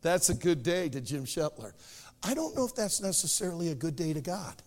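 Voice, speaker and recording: A man preaching a sermon, telling stories in an animated way. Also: fairly high pitch, brisk, big-room sound. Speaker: pastor.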